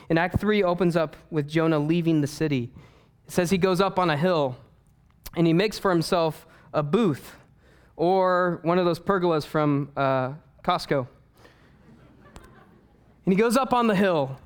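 A man preaches a sermon, retelling the story with animated humor and playful asides. His voice sits a little high and sounds smooth and clear, as in a church. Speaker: pastor.

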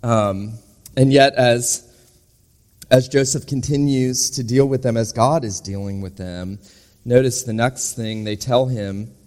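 A man's voice: on the low side, a little mellow. A middle-aged or older man preaching an earnest expository sermon that builds to emphatic urgency. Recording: reverberant hall.

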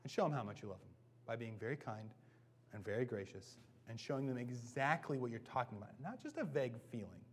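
A man preaching a sermon as a pastor, earnest and conversational, often dropping to soft asides before closing in prayer. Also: medium pitch, sing-song, quick pace, husky.

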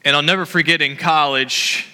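High, bright-voiced man preaching with passion. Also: steady tone, moderate pace, clean tone, in a large hall. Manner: earnest, impassioned preaching. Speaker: pastor. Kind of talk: sermon. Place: church hall.

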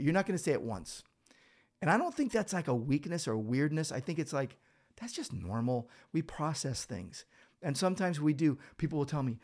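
A man's voice: mid-range voice, brisk. A man who is a pastor, talking through Bible verses in a casual podcast discussion and acting out little scenes as he explains. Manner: animated storytelling, acts out quoted speech.

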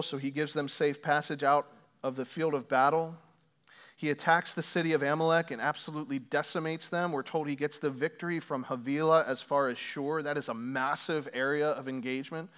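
A man's voice: fairly high pitch, fairly bright tone. A man preaching a sermon, repeating key lines and growing more intense as he makes his points. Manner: builds from measured to intense, repeats key phrases for emphasis. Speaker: pastor.

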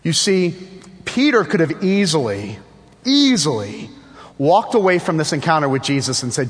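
A man with a fairly high voice delivers a sermon. He drives his points home with repeated phrases and rhetorical questions. His voice rings with the long reverb of a large hall. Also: sing-song, normal speed. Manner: emphatic, repetitive preaching with rhetorical questions. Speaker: preacher.

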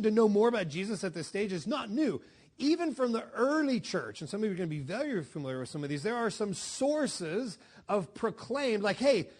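A young adult male pastor preaching a conversational sermon with restarts and asides. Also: high-pitched.

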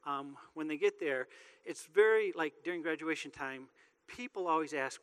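A man's voice: on the high side, normal speed, fairly bright tone, clear, resonant tone. A man preaching a sermon as pastor, talking in a joking, conversational way. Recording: long reverb of a large hall.

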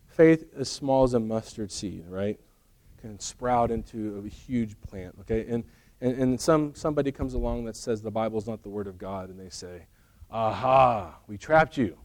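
Conversational pastor preaching, joking asides. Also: male voice, mid-range voice, darkish tone. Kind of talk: sermon.

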